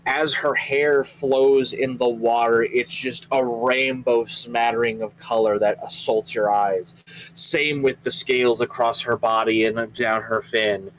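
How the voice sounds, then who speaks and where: A young man narrating as game master, describing scenes in an unhurried way, with many fillers. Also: medium pitch, steady tone, fairly bright tone, a little hiss or hum, poor audio.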